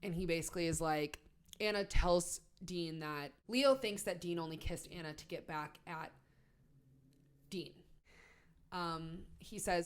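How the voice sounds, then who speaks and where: A woman's voice: lowish voice, a little slow, pauses often, clear, resonant tone. A woman recapping a novel in a casual, chatty way, full of fillers and sarcastic asides. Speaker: book reviewer.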